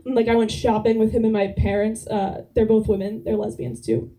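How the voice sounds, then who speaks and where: A young woman works through a stand-up set in a dry, deadpan way, her fairly high voice soft and mellow. She drops "like" all through her lines. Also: a little fast, far from the mic, rough recording. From New Jersey. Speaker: stand-up comedian. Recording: live club crowd laughter.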